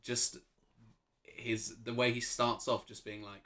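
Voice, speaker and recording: A man's voice: mid-range voice, little pitch movement, takes it slowly, sharp tone. A man co-hosting a casual film review chat, thoughtful and wry, laughing at his own jokes.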